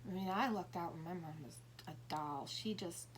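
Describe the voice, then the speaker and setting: A woman's voice: fairly low pitch, normal speed. Rambling woman in her fifties, faint hiss. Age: 50s. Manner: rambling, self-interrupting, acts out little dialogues. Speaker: tarot reader. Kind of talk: casual monologue.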